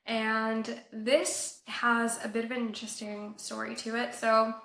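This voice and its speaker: A woman's voice: on the high side, little pitch movement, a little slow, bright, forceful tone. A young woman from Colombia chatting casually through a beauty product review, saying "like" often, a little nasal as she gets over a cold. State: recovering from a cold, a bit nasal. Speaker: beauty vlogger. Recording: echoey room.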